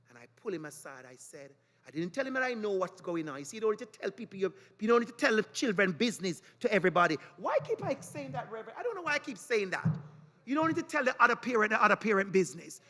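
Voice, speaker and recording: A Caribbean man with a high, bright, ringing voice gives a preaching-style keynote in a large hall. He tells his stories with animated energy and slips into the voices of the people in them. The long reverb of the hall trails after his words. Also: quick pace. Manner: animated storytelling with acted quotes. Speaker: conference speaker. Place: conference hall.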